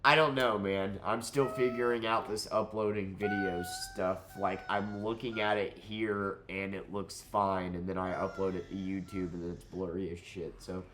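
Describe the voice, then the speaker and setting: A man's voice: low-pitched, steady tone, normal speed, few pauses, fairly bright tone, slight background noise. A man hosting his own channel, talking through a casual film review in a nasal, stuffy-nosed voice while under the weather, rambling candidly with lots of fillers and restarts.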